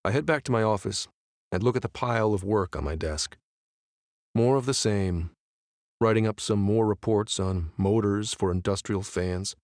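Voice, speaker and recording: Low-voiced man narrating a wry audiobook. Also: moderate pace, a little mellow, no room sound, clean studio sound. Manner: casual, wry conversational storytelling. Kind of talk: first-person romance audiobook narration.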